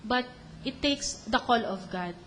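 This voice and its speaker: A woman with a Filipino accent gives a religious teaching talk, moving between English and Tagalog and acting out quotes in a lively way. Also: fairly high pitch, measured pace, a little hiss or hum. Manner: animated, mixes English and Tagalog, acts out quotes with laughter. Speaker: preacher.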